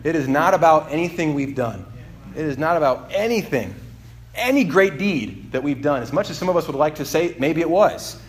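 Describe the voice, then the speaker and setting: A man's voice: on the high side, animated, normal speed. A male pastor giving a casual, confessional sermon, self-deprecating and rambling, with lots of fillers and restarts. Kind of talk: conversational sermon.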